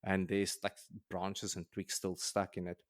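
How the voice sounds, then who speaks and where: A man's voice: deep voice, completely flat delivery, unhurried, no room sound, studio quality. A man co-hosting a casual book podcast, retelling chapters in a rambling way with frequent restarts. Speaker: podcast co-host. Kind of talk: casual book-club chat.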